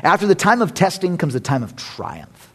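Lively, joking male preacher. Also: a little high, normal speed. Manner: humorous, conversational, laughs often. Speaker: pastor. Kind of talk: sermon.

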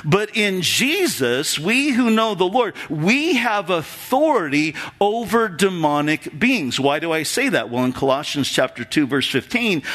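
A pastor preaches to his church in a chatty, animated way, slipping into quick acted-out quotes. His voice sits fairly high for a man and swings widely up and down as he drives each point home. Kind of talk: sermon.

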